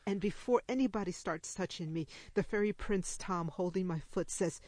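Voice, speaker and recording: Animated woman telling a personal story. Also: lowish voice, normal speed, no echo. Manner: animated, laughing, acts out quoted speech. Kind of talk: personal story told to a live audience.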